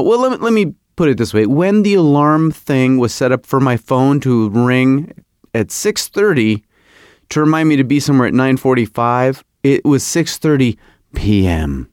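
A middle-aged man hosting a podcast, telling a comic story in a rambling, animated, self-mocking way. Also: mid-range voice, normal speed, no echo, studio quality. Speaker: podcast host. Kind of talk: comedic podcast monologue.

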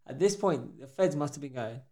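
A man's voice: mid-range voice, brisk. A young man, co-hosting a podcast in casual chat and acting out the people in his stories. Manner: animated storyteller acting out quotes. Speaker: podcast co-host.

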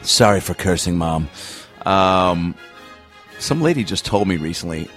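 A man's voice: low voice, animated, measured pace, long pauses, a bit bright, faint music behind. A man hosting a podcast who gives a casual, rambling intro, swears freely and hypes his guest. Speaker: podcast host.

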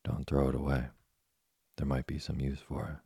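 Man reading as a kind old woodcarver dad, calm and patient, deep gravelly voice. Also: moderate pace, dry recording, full character voice. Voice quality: gravelly, husky. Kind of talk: storybook reading. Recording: dry close studio sound.

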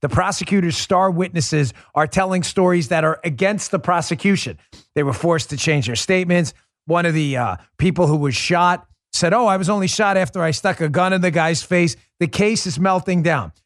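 Emphatic high-voiced male podcast host. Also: moderate pace, no echo, clean studio sound. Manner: emphatic, conversational, repeats for stress. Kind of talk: opinion commentary monologue.

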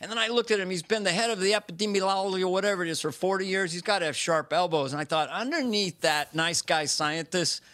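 A man appearing as a comedian guest over a video call, chatting casually as a playful, animated storyteller. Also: high voice, fast, hardly any pauses. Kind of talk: casual talk show chat.

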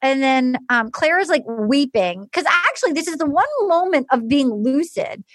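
A woman's voice: sits high, lively intonation, normal speed, a crowd in the background. A woman podcast host recapping in casual chat, telling the story with animation and acting out quotes, with lots of "like".

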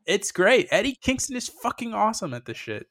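Dude on a podcast getting worked up, swearing, very dry mic. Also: male voice, high-pitched, big pitch swings, brisk, fairly bright tone, dry recording. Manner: casual, emphatic, swears freely. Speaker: podcast co-host. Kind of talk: casual chat recapping wrestling.

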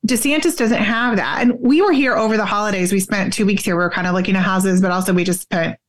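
A woman in her forties speaks at a middle pitch as a podcast guest. Her talk is candid and blunt, loose and conversational. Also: fast talker. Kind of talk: casual political chat.

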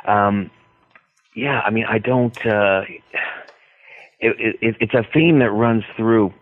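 A man with a low voice talks through a radio interview, pausing often and circling back as he explains. He comes in over a thin, phone-like line with no room sound at all. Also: dry recording. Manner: rambling, hesitant, with many pauses. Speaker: author guest.

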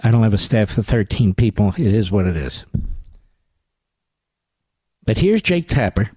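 A man's voice: lowish voice, big pitch swings, a little slow, mellow, no room sound. A man hosting a radio talk show, giving combative political commentary, sarcastic and indignant, often climbing into pointed rhetorical questions on a studio mic.

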